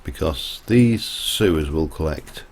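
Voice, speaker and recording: Man, very deep voice, gravelly, rambling gameplay chat, faint hiss. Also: expressive, slow, a little mellow. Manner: rambling, chatty, digresses mid-task. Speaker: livestreamer. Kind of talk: casual gameplay commentary.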